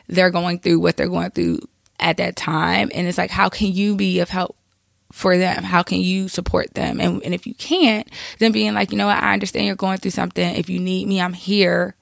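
A woman hosts her podcast while nursing a cold, her low voice heavily gravelly with vocal fry. She talks in a chatty, rambling way and keeps dropping in asides. The sound is dry and close to the mic. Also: flat delivery, moderate pace, dry recording. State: has a cold. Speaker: podcast host. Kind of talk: casual advice monologue.

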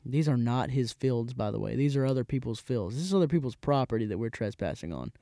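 A man in his twenties, a podcast host, telling a casual rambling story with frequent restarts and animated voices for the people in it. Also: mid-range voice, fast, dry recording, studio quality. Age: 20s.

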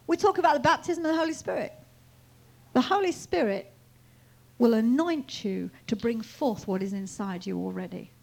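A woman preaching a sermon, repeating phrases and swinging from quiet teaching to loud proclaiming. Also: fairly high pitch, poor audio.

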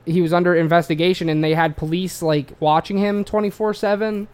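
A man's voice: high voice, steady tone, a little fast, a little mellow, smooth. An Australian man telling a true-crime story in a loose, rambling way, full of swearing and fillers. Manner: rambling, profane, lots of fillers.

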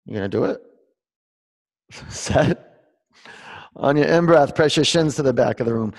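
Gravelly-voiced man leading a yoga class. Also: mid-range voice, a little slow, big-room sound. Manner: calls out poses and counts, joking with students. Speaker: yoga instructor. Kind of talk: live yoga class instruction. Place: yoga studio, large room.

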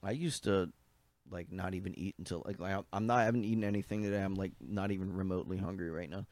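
A man co-hosting a podcast, telling stories in an animated way and swearing casually. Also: low-pitched, fast, no room sound. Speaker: podcast co-host. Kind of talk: casual chat.

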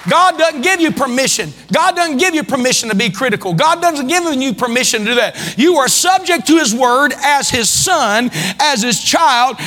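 A man preaching a sermon as pastor, with fiery delivery that rises to shouts. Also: extremely high pitch, in a large hall. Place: church hall.

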